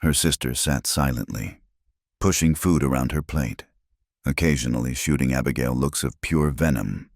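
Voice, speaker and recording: Very deep-voiced male narrator. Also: normal speed, no room sound, clean studio sound. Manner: dramatic storytelling. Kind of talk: scripted narration.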